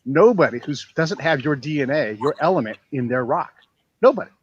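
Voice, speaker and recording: Man, host, excitable, loose, swears, slightly dull audio. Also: on the high side, a little fast, breathy edge, no room sound. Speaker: host and producer. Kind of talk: casual interview chat.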